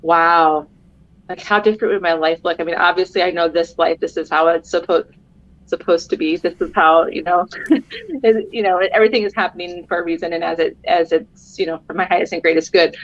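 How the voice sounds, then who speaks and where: A woman's voice: fairly low pitch, fairly quick, dry recording, lo-fi sound. A middle-aged woman, a podcast guest, talking earnestly and encouragingly in casual conversation, laughing often.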